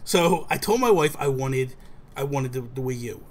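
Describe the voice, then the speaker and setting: A young adult man hosting a casual chat show, telling a story with lively acted-out quotes. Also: mid-range voice, normal speed. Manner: animated storyteller, acts out quoted voices. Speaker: host.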